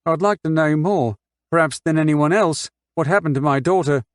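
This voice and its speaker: A man's voice: fairly high pitch, a little fast, no room sound, clean studio sound, pitched above the performer's own voice, lightly acted. A man reading an audiobook voices a woman on the witness stand, a mother who answers with scorn and precise, argumentative replies. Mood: insistent.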